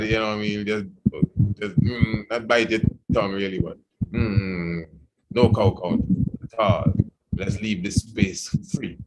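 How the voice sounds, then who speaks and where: A man's voice: fairly low pitch, poor audio. A man hosting a reflective radio talk program, speaking in a meandering way with frequent "you know"s.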